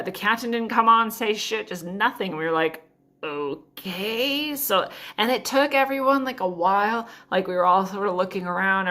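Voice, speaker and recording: A woman's voice: mid-range voice, fairly bright tone. A woman hosting her own show, telling a story in a chatty way, with many fillers and frequent laughs. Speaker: host of a spiritual podcast. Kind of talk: casual storytelling monologue.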